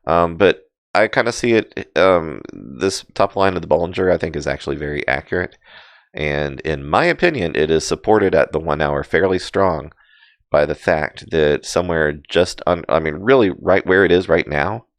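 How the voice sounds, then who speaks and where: A man's voice: low-pitched, lively intonation, moderate pace, no room sound. A man giving casual live crypto chart commentary, rambling with many fillers and self-deprecating asides. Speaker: crypto market streamer.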